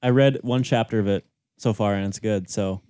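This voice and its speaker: A man's voice: fairly low pitch, moderate pace, warm tone, no room sound, studio quality. A young man co-hosting a casual podcast, rambling with lots of fillers. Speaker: podcast co-host. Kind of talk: casual chat.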